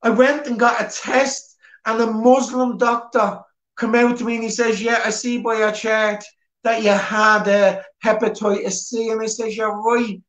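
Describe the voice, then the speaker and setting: A man's voice: high-pitched, little pitch movement, a little slow, fairly bright tone. A man with a Dublin Irish accent telling his personal testimony at church in an earnest, plain-spoken way. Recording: echoey church hall.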